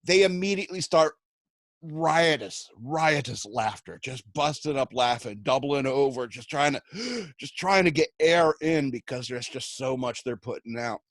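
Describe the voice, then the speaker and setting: A man's voice: mid-range voice, animated, a little slow, dry recording. Man telling rambling comic stories. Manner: rambling, self-mocking anecdotes with acted-out quotes. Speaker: radio show host. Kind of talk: comic storytelling.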